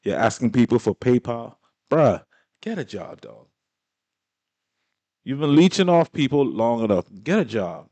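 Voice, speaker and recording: A man's voice: mid-range voice, very animated, a little slow, pauses often, mellow, dry recording. Exasperated guy ranting in slang, cursing a lot, dry close mic. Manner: blunt, exasperated, profane, slangy. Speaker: commentator reacting to a clip. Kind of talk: casual reaction commentary.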